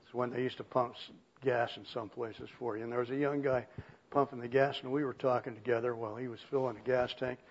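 An older man preaching a sermon in a folksy way, chuckling and often clearing his throat. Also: medium pitch, fairly even intonation, quick pace, a little hiss or hum. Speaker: pastor. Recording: muffled lo-fi recording.

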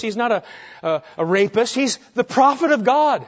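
A man preaching a sermon, swinging between loud emphasis and hushed asides and asking the congregation rhetorical questions. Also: extremely high pitch, animated, moderate pace. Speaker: pastor. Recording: dull lo-fi sound.

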